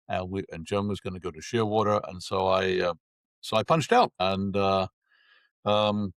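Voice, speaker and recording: A man in his sixties from England, a guest telling lively anecdotes in conversation and acting out the dialogue. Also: low voice, normal speed, no echo. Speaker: interview guest. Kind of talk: conversational storytelling.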